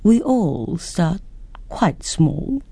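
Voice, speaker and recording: A woman doing a slow, polite little dragon. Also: fairly low pitch, vocal fry, breathy edge, no echo, exaggerated voice. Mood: calm. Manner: slow calm drawl. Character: small polite unhurried dragon.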